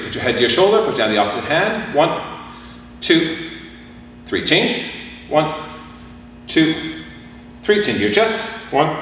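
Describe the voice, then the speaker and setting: A man's voice: on the high side, a bit bright, far from the mic, slight background noise. Man instructor calling counts in echoey hall. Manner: calls out counts and commands. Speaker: martial arts instructor. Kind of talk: leading a class warm-up. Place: training hall.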